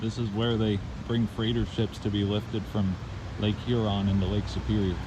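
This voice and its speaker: A man's voice: lowish voice, level tone, normal speed. A man talking casually to camera while on a motorcycle trip, rambling and swearing now and then. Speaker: motorcycle travel vlogger. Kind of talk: casual vlog talk to camera. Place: outdoors on the road. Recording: wind noise on an outdoor mic.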